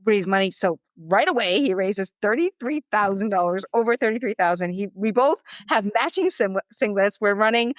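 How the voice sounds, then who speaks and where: Woman, marathon coach, podcast guest, animated storyteller, dry close sound. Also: medium pitch, no room sound. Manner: animated, quick storyteller acting out quotes. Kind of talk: casual storytelling interview.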